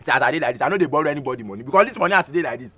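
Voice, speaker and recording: A man with a Nigerian accent playing a boastful, fast-talking hustler in a comic sketch. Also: medium pitch, animated, sharp tone. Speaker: comedian playing a hustling agent.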